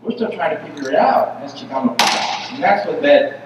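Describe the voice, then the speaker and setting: A man's voice: fairly high pitch, expressive, brisk, background noise. A man giving a conversational conference keynote to an audience, with many fillers and repeated phrases. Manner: conversational, repetitive, with frequent fillers. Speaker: keynote speaker. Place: large convention hall. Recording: echoey hall, mic from a distance.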